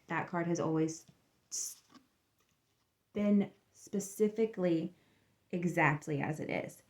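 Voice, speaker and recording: A woman with a slightly low voice gives a casual tarot reading from her table at home. Her delivery is chatty and meandering, full of friendly asides to the viewer, and she is picked up by a camera sitting on the table in front of her. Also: darkish tone. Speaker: tarot reader.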